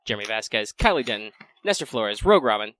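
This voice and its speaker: A man hosting a casual live-streamed game podcast, chatty and quick through sponsor reads. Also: fairly low pitch, very animated, a bit bright, a little hiss or hum. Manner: chatty, fast patron list reading. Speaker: podcast host.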